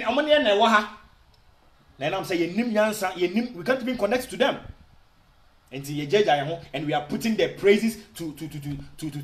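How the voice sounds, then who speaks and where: A Ghanaian man with a high voice makes his case in video commentary, switching between Twi and English. He talks in an argumentative way and keeps asking rhetorical questions. The sound bounces around an echoey room. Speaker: online commentator.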